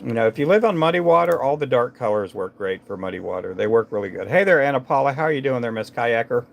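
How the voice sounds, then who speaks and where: A man with a gravelly, creaky voice talks to viewers on his live stream. He rambles from thought to thought with lots of fillers and false starts as he works at his tying bench indoors. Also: medium pitch, animated, quick pace, a little hiss or hum. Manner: rambling, chatty, many fillers and restarts. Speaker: livestream host tying fishing jigs.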